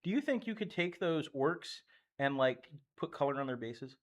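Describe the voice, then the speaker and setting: A man's voice: fairly high pitch, lively intonation, normal speed. A man acting as dungeon master, chatting casually on a livestream in a game store and rambling through game lore with lots of fillers.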